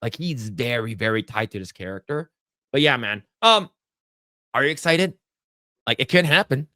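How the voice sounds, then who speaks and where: A man hosting a casual podcast chat, swearing freely and acting out quotes in a loud, high voice. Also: normal speed, dry recording, clean studio sound. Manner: animated, profane, acts out quotes in a loud high voice. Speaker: podcast host.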